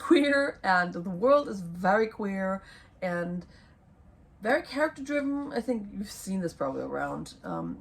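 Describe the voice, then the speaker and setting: A woman's voice: fairly low pitch, gravelly, breathy edge. Young woman rambling about books, lots of ums, kinda losing her voice. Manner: rambling, hesitant, many ums and self-corrections. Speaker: book vlogger. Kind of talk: casual book recommendation vlog.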